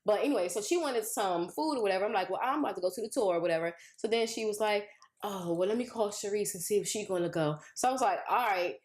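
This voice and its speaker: A woman's voice: mid-range voice, fast. A woman co-hosting a casual podcast, chatting and telling family stories with quoted dialogue. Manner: conversational, tells family anecdotes, quotes her mother. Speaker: podcast co-host. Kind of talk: casual chat. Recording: roomy echo.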